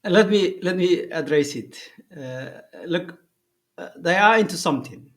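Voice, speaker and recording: A man giving an explanatory commentary, talking deliberately, often pausing and rephrasing himself. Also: sits high, expressive, fairly bright tone. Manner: deliberate, rephrases and pauses with fillers.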